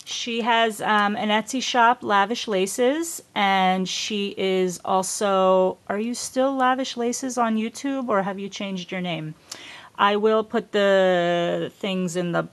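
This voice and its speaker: A woman's voice: mid-range voice, creaky, a little hiss or hum. A woman vlogger chatting casually to the camera at home, gushing and effusive and often trailing off mid-sentence. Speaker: craft vlogger unboxing gifts.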